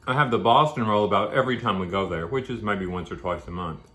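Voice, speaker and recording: A man's voice: lowish voice, fast, a bit bright, a little hiss or hum. A man hosting a home video, chatting casually and rambling between bites of food. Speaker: vlog host. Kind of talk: casual chat while eating.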